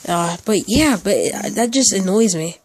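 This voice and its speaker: A man's voice: high voice, normal speed, no echo. A teenage boy telling a casual storytime, rambling with lots of fillers and restarts. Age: teens. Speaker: storytime YouTuber.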